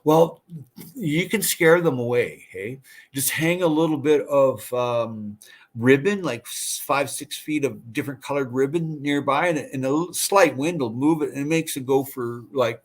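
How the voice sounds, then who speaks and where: A man's voice: medium pitch, normal speed. A man hosting a casual livestream, chatting with viewers in a rambling, friendly way with many fillers and restarts. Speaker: livestream host. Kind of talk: casual livestream chat reading viewer comments.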